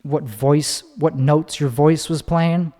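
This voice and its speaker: A man with a slightly high voice rambles through a casual monologue, swearing freely and restarting his sentences. His words ring out with a long reverb, as if he were in a big hard room. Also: slow, mellow. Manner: rambling, profane, restarts often, demonstrates pitch with his voice. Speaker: podcast host.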